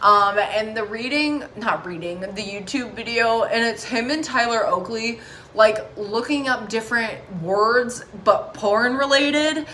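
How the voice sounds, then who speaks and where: In a fairly high, pushed, and bright voice, a tarot reader moves at a measured pace through a casual reading. She addresses viewers directly, candid, chatty, and encouraging, and swears a lot, with slight background noise behind her.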